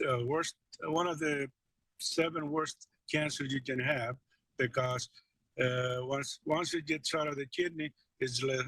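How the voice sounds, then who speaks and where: Man speaking plainly, with pauses. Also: medium pitch, fairly even intonation, a bit bright, no room sound, low-quality recording. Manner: plain, halting, with fillers. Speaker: patient. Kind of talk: interview answers.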